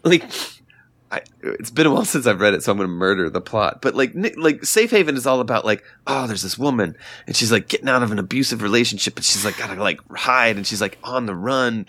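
A lively man chatting as a podcast guest, his pitch leaping all over the place as he rambles through a story. He piles on fillers and breaks into laughter, with loose, excited energy. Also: quick pace. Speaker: guest author. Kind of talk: casual podcast chat.

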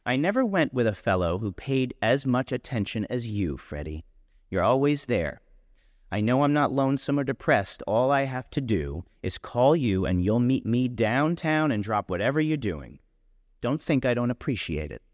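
An eager young woman with a stubborn streak comes through as she coaxes and insists, her voice lifting and swooping with lively rises, as a man reading the story puts her on. The reading is audiobook-style, closely miked with a long reverb tail behind it. There is no roominess in the nearby sound; the trail is long and hall-like. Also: medium pitch, moderate pace, studio quality, close to an everyday voice. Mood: fond. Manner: insistent, coaxing. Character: eager determined young woman, proud and pushy.

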